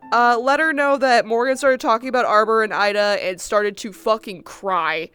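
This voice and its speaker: A woman streamer with a somewhat high voice chats casually with her viewers, talking to chat directly and swearing freely. Faint music plays softly behind her. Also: fairly even intonation, normal speed, few pauses, smooth. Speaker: livestreamer. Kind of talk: casual chat with viewers after a roleplay session.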